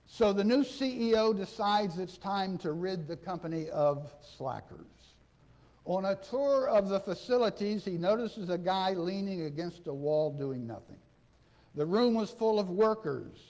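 Folksy, high-voiced male preacher. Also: darkish tone. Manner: folksy, asks the congregation "okay?", acts out quoted dialogue. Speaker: interim pastor. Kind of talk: sermon. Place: church sanctuary.

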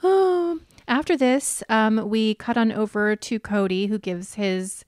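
Woman podcast co-host, smooth clear voice, dry close mic, casual swearing recap. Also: fairly high pitch, slow, no echo. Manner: profane, animated, acts out quotes.

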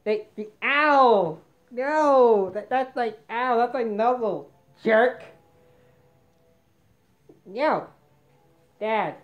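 Slow, exasperated woman yelling no. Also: a little high, muffled recording. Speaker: comedy video maker. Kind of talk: comic sketch rant.

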